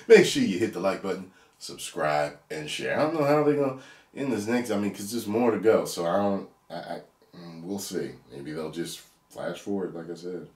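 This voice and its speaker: A man giving a casual video review of a TV episode, animated, laughing often and breaking into loud whoops. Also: deep voice. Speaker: TV show reviewer. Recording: echoey room.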